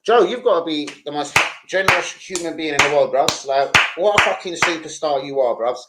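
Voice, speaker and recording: An older man, chatting casually on a live stream, shouting out to viewers and swearing freely. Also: fairly high pitch, expressive, fairly quick, very noisy.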